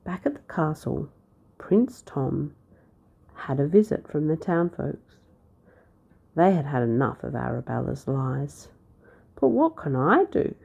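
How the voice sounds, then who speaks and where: A woman reading a children's storybook aloud, with a lively, expressive delivery. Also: sits low, measured pace, vocal fry, long pauses, husky, muffled recording. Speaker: storybook narrator.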